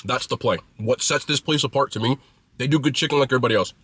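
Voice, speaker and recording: A man's voice: medium pitch, quick pace, a bit bright, breathy edge, no echo. A man casually reviewing food he is eating, chatty and blunt, with loose slangy talk.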